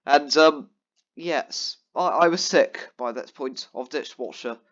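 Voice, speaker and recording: Dude venting about his friend while he plays, lots of uhs and restarts, kinda high voice, muffled lo-fi mic. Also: slow pace, a bit bright. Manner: rambling, exasperated storytelling with many fillers. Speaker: gaming vlogger. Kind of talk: casual ranting commentary over gameplay.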